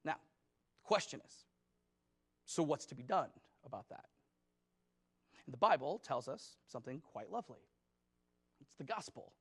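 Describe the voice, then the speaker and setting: A male pastor with a high-pitched voice delivers a loose, conversational sermon. He rambles casually, leaning on filler words as he works through his points. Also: animated, moderate pace, gravelly, long pauses, breathy edge.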